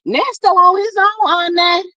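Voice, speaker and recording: A woman's voice: very high voice, fairly even intonation, measured pace, pushed and bright, dry recording, muffled recording. A woman hosting a casual livestream gossip chat, talking straight to her viewers. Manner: chatty, addresses viewers as y'all. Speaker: host.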